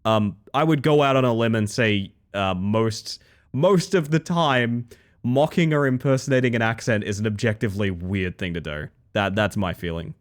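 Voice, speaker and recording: A man's voice: lowish voice, normal speed. A young Australian man chatting casually on a game stream, reading chat messages and rambling with restarts.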